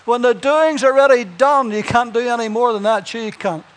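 A man's voice: very high-pitched, a little slow. A man preaching a sermon, telling Bible stories and building to emphatic punchlines, with chuckles between points.

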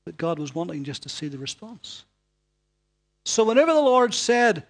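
A man preaching a sermon, dramatic, swinging from loud calls to hushed whispers and putting rhetorical questions to his listeners. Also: high-pitched, very animated, moderate pace.

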